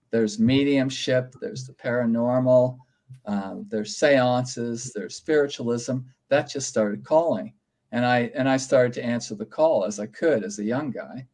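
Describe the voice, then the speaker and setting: A calm man talks as a guest in a casual interview, his pitch sitting in an ordinary middle range. He explains things in a measured, straightforward way. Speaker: guest, college professor.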